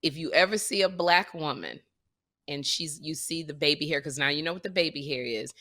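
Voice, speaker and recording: Middle-aged woman comic co-host, bossy and teasing, bright forceful tone. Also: deep voice, brisk. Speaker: podcast co-host. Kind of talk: casual comedic chat.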